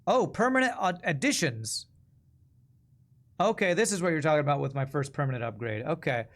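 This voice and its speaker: A man streaming a puzzle game, chatting casually in a relaxed, musing way. His voice sits a touch high for a man, and his sentences often trail off to a quiet murmur. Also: a little fast. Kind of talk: casual gameplay commentary.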